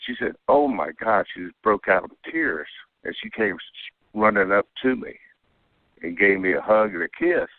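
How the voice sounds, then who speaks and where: On a tinny, dry phone line with no echo, a man calls in to share a rambling story about being abducted by aliens. His lowish voice is expressive and moves at normal speed, and he keeps tacking on "okay?" to check in with the listener.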